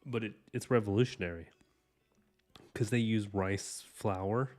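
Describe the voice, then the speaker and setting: A man's voice: fairly low pitch, fairly even intonation, a little slow, darkish tone, faint music behind. A man casually chatting with his live-stream viewers, rambling enthusiastically with lots of "like" and "you know". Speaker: livestream art host chatting with viewers.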